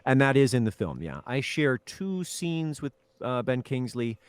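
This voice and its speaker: A man, a film actor, telling lively anecdotes in a casual interview, with chuckles and restarts. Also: medium pitch, unhurried, smooth, dry recording.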